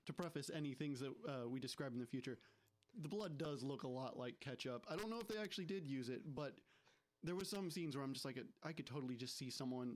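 A man's voice: mid-range voice, fast talker. A young adult man, a guest on a podcast, chatting about a movie in a laid-back way with lots of fillers and chuckles. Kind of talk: casual film review chat.

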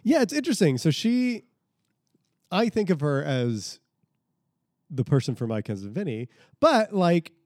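A man's voice: a little high, sing-song, measured pace, pauses often, a little mellow, dry recording, clean studio sound. Conversational man co-hosting a podcast. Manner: conversational, thinking aloud with restarts. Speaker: podcast co-host. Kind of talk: casual chat.

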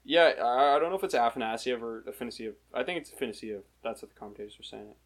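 A man's voice: mid-range voice, expressive, racing. A man hosting a podcast, talking loosely and joking, with fillers and the odd swear. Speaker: podcast host. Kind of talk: casual sports chat.

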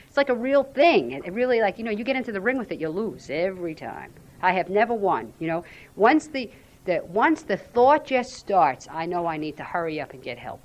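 A woman's voice: medium pitch, a bit bright. Frank, earnest woman sharing her recovery story. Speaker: speaker sharing at a recovery fellowship weekend. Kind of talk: personal recovery share. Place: weekend retreat venue.

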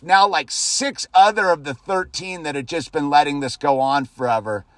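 A man hosting a podcast, delivering a heated, profane rant that keeps ending on a dropped "dude". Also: no room sound. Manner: heated and profane, peppers lines with "dude", swings loud then drops low. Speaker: podcast host. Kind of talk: profane ranting monologue.

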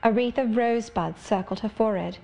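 A woman narrating an audiobook of a classic novel, in clear, steady storytelling. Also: fairly high pitch, brisk, lo-fi sound. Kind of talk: scripted narration.

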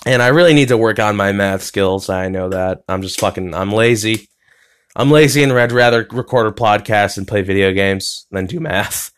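A young adult man from the US hosts his own podcast from his bedroom, rambling solo with plenty of "um"s, restarts and swearing. His voice is smooth, fairly bright and somewhat low.

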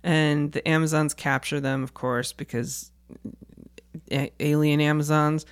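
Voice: medium pitch, level tone, unhurried, smooth. A podcast co-host riffing wryly about a movie in casual chat. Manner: wry, joking.

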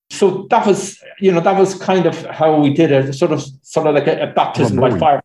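A man with an Irish accent, a journalist and speaker from Ireland, fields audience questions after a talk in a chatty, anecdotal way full of fillers. His voice is a little high and dark in tone, at a moderate pace. The recording has a roomy echo.

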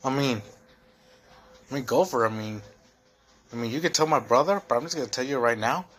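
A man's voice: mid-range voice, fairly quick, a bit bright, slightly rough. A young man hosting a solo podcast, venting in a heated, profane, rambling way full of fillers. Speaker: podcast host.

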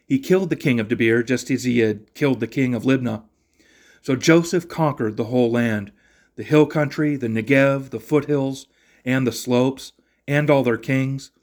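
The host of a podcast, a man whose voice sits at medium pitch, gives a steady, measured reading of a Bible passage before closing with a brief devotional thought and a prayer.

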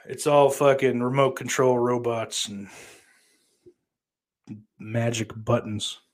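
A man's voice: mid-range voice, steady tone, slow pace. A man chatting casually on a live stream, reading chat messages and answering with rambling, profane, sarcastic remarks.

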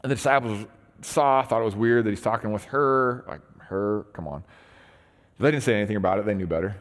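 A man's voice: on the low side, brisk. A man preaching a sermon as pastor, retelling a story in casual, conversational terms with frequent restarts. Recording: long hall reverb.

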